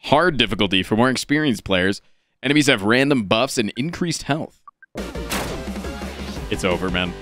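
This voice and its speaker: A man streaming a card game, reading card text aloud and reacting with animated, profane commentary. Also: medium pitch, normal speed, pauses often, over music. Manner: animated and profane, swinging between flat card reading and excited outbursts.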